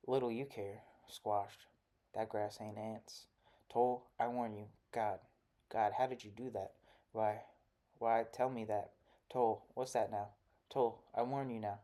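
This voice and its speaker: A man voicing a shrill, raging older woman who scolds children in loud, sharply enunciated bursts. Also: close to an everyday voice.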